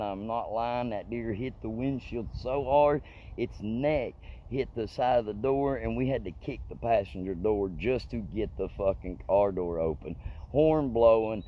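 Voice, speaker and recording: A man's voice: medium pitch, dark tone, a little hiss or hum. A man telling a story in a rambling, profane, colloquial way. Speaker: comedic storyteller. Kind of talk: casual storytelling monologue.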